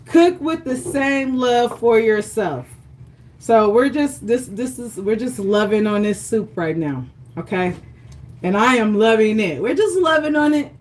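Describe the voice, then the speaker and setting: A woman hosting a live cooking demonstration from her home kitchen, chatty and encouraging, often checking in with viewers. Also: a little high. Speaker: cooking show host. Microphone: livestream setup.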